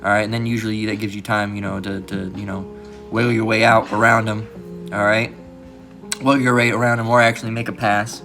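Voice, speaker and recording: Male host, low register, casual rambling commentary, heavy on fillers, guitar music bed under the voice. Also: level tone, a little fast, vocal fry, a bit bright. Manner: rambling, fills with "all right" and "you know"; mimics others in a raised mocking voice. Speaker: channel host. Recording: music playing behind the voice.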